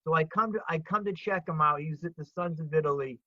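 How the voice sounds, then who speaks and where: A man's voice: fairly high pitch, fast, no room sound. An older man with a Rhode Island accent, telling stories emphatically in a casual chat on a video call. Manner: animated, emphatic storyteller. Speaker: comedian guest. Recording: dull lo-fi call audio.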